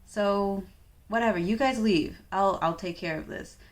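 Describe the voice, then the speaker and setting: This is a sarcastic male school doctor from a manga, put on by a woman retelling the story. He talks in a breezy, offhand way. The delivery is light and slightly raised in pitch. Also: unhurried, close to an everyday voice.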